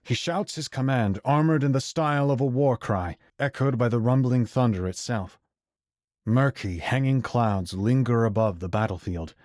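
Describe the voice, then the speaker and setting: A man narrating a fantasy audiobook in a measured, even storytelling voice. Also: mid-range voice, no echo, studio quality.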